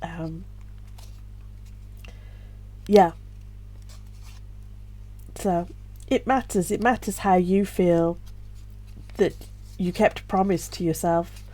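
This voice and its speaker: A middle-aged woman, tearful, talking softly and reflectively to camera in a personal vlog as a self-published author. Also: on the low side, fairly even intonation, slow pace, pauses often. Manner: soft, reflective, with sighs and little laughs.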